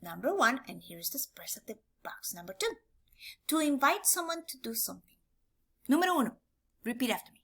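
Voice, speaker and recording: A woman teaching a Spanish class, her voice a little high and very bright. She runs repetition drills and moves back and forth between English and Spanish, with a dog barking now and then behind her. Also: big pitch swings, a little fast, gravelly, slightly rough. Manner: drills phrases for students to repeat. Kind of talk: recorded classroom lesson.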